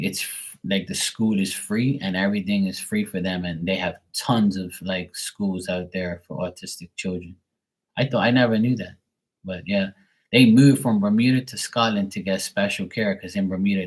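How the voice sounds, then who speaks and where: A man reading tarot on a live stream, chatting bluntly to a viewer, swearing freely and getting animated when worked up. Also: sits low, husky, rough recording. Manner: blunt, swears often, talks straight to a viewer. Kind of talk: casual live-stream chat.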